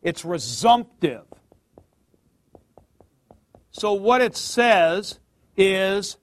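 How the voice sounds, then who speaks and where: Man, teacher, classroom lecture, high voice, slow and patient, thinks aloud, dry close sound. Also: lively intonation, dry recording. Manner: patient, explanatory, addresses students by name; thinks aloud with fillers and restarts.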